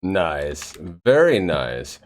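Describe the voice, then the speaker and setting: A man's voice: drawn-out words, slight background noise. A man hosting a live interview podcast, chatting casually and acting out stories with quoted voices. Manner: animated storytelling, acts out quotes in a higher voice. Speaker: podcast host.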